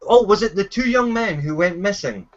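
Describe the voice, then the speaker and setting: A man's voice: high voice, animated, moderate pace, lo-fi sound. A man running a tabletop game as game master, narrating hesitantly with many fillers and restarts.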